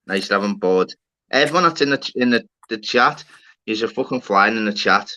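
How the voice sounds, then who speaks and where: A man's voice: on the low side, fairly quick, sharp tone, low-quality recording. A man hosting a live stream, telling stories animatedly in casual chat with plenty of swearing.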